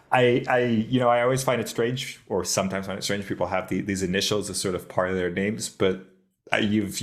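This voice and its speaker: A male podcast host with a somewhat low voice. He interviews his guest in a friendly, chatty way, often stopping and restarting his sentences. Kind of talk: interview hosting.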